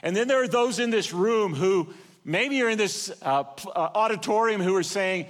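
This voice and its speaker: An older man preaching a sermon in a church auditorium, telling stories with swings in loudness and pace. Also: high voice, lively intonation, moderate pace, long reverb tail. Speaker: pastor.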